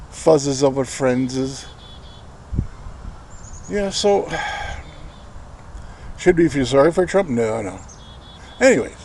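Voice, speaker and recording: A man's voice: mid-range voice, mellow, slight background noise. A man, ranting sarcastically in rambling political commentary with lots of swearing. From Canada. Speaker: vlogger.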